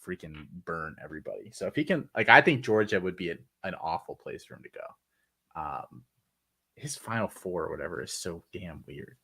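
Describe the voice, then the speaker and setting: A man with a very deep, low voice chats casually about football. He is blunt and emphatic in his opinions and throws in casual swearing. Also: expressive, moderate pace, creaky, bright, forceful tone, slightly rough. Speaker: podcast co-host. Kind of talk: casual sports chat.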